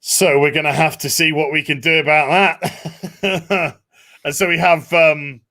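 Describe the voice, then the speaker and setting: A man hosting a casual discussion, animated, acting out quotes. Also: fairly high pitch, measured pace. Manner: animated, acts out quotes in voices. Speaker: podcast host.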